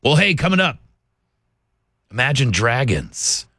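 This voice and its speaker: A man's voice: medium pitch, sing-song, a little slow, pushed and bright, dry recording, studio quality. A man hosting a radio show, chatting and joking with a caller in a laid-back way. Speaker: radio host. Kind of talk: casual radio chat with a caller.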